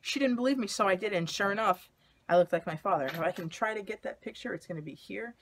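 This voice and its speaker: A man's voice: high voice, quick pace, fairly bright tone, slight background noise. A young man candidly telling a personal story in a vlog, in a confessional way. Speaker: vlogger.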